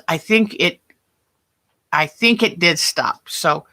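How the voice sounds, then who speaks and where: A woman hosts a relaxed quilting stream and talks viewers through her work at an easy, leisurely pace. Her voice is bright and forward, with a crisp edge. She chats loosely, thinks out loud and often breaks off mid-sentence to start again. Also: medium pitch. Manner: chatty, self-interrupting, thinks aloud. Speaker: quilting livestream host. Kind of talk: casual livestream chat and demonstration.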